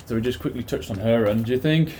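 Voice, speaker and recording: A man hosting a relaxed casual chat, asking his guests questions. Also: mid-range voice, fast talker, a little hiss or hum. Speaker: host.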